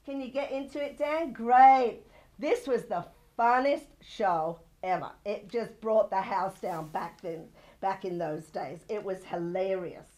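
A woman's voice: unhurried, few pauses, darkish tone. Effusive, gushing woman TV host. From not from Santa Barbara. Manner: effusive and gushing, high-spirited sign-offs. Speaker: TV show host. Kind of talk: chatty local TV hosting.

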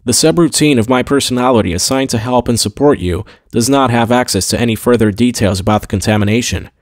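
A man voicing a calm, polite male base computer AI in an audiobook, speaking formally. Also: mid-range voice, no echo, studio quality, close to an everyday voice. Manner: courteous, formal, measured. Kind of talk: audiobook character voice.

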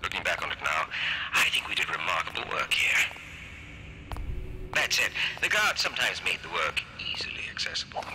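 A man voicing a cold, detached figure in a horror game, speaking in a hushed, breathy half-whisper. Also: deep voice, big pitch swings, a little fast. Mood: ominous. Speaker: game character voice. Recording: noisy game audio captured on stream.

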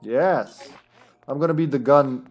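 A man streaming an online game with friends, joking loudly, swearing and cheering at the action. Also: mid-range voice, unhurried, faint music behind. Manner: excitable, swears and jokes loudly. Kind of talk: casual gaming chat.

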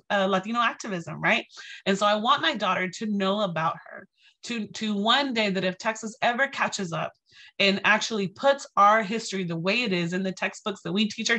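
A woman in her thirties speaks to an audience as a guest lecturer, telling a personal story in an animated, conversational way. Her voice is bright and forceful, and she keeps checking in with her listeners with a quick "right?". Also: mid-range voice.

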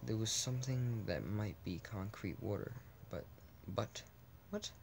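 A man's voice: fairly low pitch, a little slow, gravelly, a little mellow, slight background noise. A man reading a text adventure game aloud in a casual let's play, often restarting words and adding asides.

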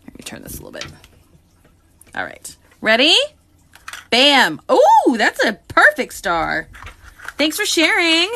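A woman hosting a live unboxing, chatting excitedly and greeting viewers by name. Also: high voice, a little slow, long pauses. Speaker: live-stream host.

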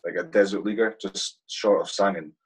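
On a podcast, a soldier in his thirties, an army platoon sergeant, casually recounts vivid war anecdotes, blunt and full of swearing. He speaks at a normal speed in a low voice with fairly even intonation and a breathy edge, captured on a rough recording.

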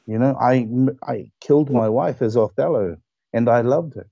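A male actor chatting as a guest on a live stream, telling his stories in an animated, emphatic way. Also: medium pitch, normal speed, gravelly, muffled recording, a crowd in the background. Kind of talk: casual interview chat.

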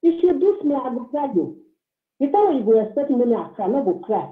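A woman's voice: fairly high pitch, animated, brisk. A woman speaking Nigerian Pidgin English, calling in to rant angrily and hurl insults at someone. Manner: scolding, insulting, heated. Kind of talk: angry phone-in rant. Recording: tinny echoey phone line.

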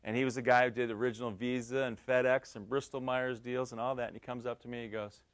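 A middle-aged man giving a lecture, telling lively anecdotes and acting out the dialogue, with frequent restarts. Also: mid-range voice, quick pace. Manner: lively storytelling, acts out quoted dialogue, many restarts. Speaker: guest speaker.

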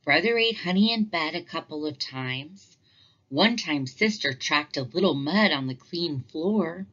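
Woman teacher, storybook read-aloud, slow pace, lowish voice, dull lo-fi recording. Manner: slow, warm and expressive narration.

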